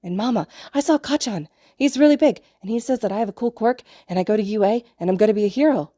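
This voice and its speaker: A woman voicing an excitable four-year-old boy in a storybook reading, eager and chirpy. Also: medium pitch, fast talker, no echo, studio quality, lightly acted. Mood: excited.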